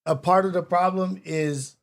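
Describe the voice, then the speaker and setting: A man's voice: high voice, steady tone, normal speed, vocal fry. A man hosting a live podcast, talking in a laid-back, slangy way and thanking viewers for tips. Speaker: podcast host. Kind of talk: casual chat.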